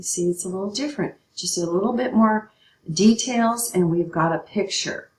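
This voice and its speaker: A woman's voice: fairly low pitch, roomy sound, low-quality recording. A middle-aged woman teaching a writing lesson, patient and checking in often with her students. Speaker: English teacher.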